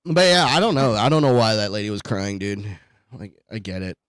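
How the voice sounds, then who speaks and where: Animated joking male podcast host. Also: on the low side, fairly quick, smooth, no room sound, studio quality. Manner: joking, swearing, animated impressions. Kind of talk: casual podcast chat.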